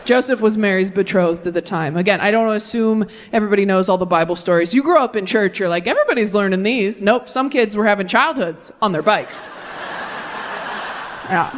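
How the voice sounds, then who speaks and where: A woman in her thirties performing a stand-up comedy set on a theater stage, telling deadpan stories with quick voiced asides into a handheld mic. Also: medium pitch. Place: theater stage before a live audience.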